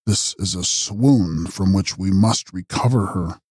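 A narrator doing a grave, solemn gentleman. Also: low voice, husky, dry recording, studio quality. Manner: slow, solemn, reassuring. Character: grave, steady older gentleman. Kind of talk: audiobook character voice.

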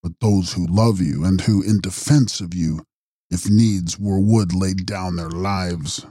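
A narrator doing a grave, solemn gentleman. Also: deep voice, steady tone, husky, no room sound, studio quality, pitched below the performer's own voice, heavily acted. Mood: reassuring. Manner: slow, solemn, reassuring. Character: grave, steady older gentleman. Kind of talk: audiobook character voice.

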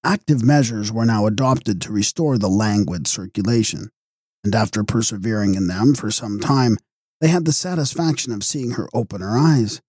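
A man narrating a gothic horror audiobook in a measured, dramatic way. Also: lowish voice, a little mellow, slightly rough, no echo, clean studio sound. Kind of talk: scripted narration.

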